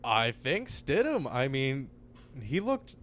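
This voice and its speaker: A man co-hosting a podcast, talking football in a casual, animated way. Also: medium pitch, slow pace, slight background noise. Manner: animated, laughs often, swears casually. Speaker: podcast co-host. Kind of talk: casual sports chat.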